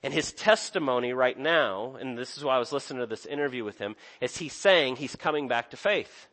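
A man's voice: mid-range voice, a little fast, fairly bright tone. A young man preaching a sermon in an earnest, conversational way, often restarting his sentences. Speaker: pastor.

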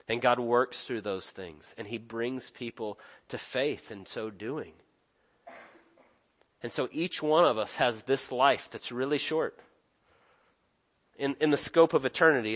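A man's voice: fairly low pitch, a bit bright. A man preaching a sermon as pastor, earnest, building emphasis and asking the congregation rhetorical questions.

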